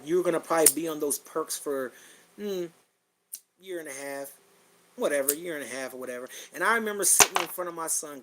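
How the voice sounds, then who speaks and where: A middle-aged podcast host with a fairly high-pitched voice delivers a blunt personal monologue into his mic, swearing freely. As his feeling rises and falls, he circles back on his own phrases. The recording is low quality.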